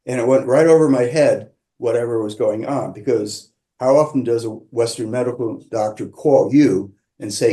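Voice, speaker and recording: Guy with a warm low-key voice telling his own story, slow and thoughtful, lots of pauses. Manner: measured, reflective, with pauses and restarts. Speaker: qigong practitioner sharing his story. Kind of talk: personal storytelling.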